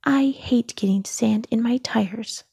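A woman's voice: on the high side, slow, vocal fry, warm tone, breathy edge, no echo, clean studio sound, full character voice. Candace, a vain whiny race car voiced by a woman. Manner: haughty and whiny. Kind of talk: storybook read-aloud.

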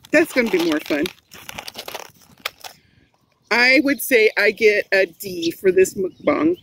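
A woman's voice: mid-range voice, slightly rough, low-quality recording. A middle-aged woman, chatting casually while eating on camera, giggling often and rambling. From Hawaii. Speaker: vlogger. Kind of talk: casual mukbang vlog. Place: home, then in a car.

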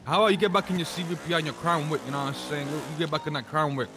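A man in a street roleplay, heckling and taunting in a rapid-fire stream. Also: fairly high pitch, fairly even intonation, noisy background.

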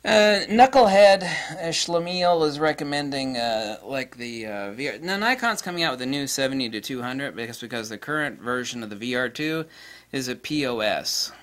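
A man giving a casual gear review in a blunt, crude and excitable way, breaking into laughter. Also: medium pitch. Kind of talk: casual product review vlog.

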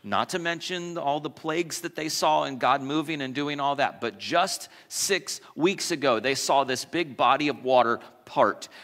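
Bright-voiced pastor preaching in a reverberant church. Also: male voice, on the high side, normal speed, few pauses. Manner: conversational preaching with rhetorical questions and asides. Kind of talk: sermon. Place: church sanctuary.

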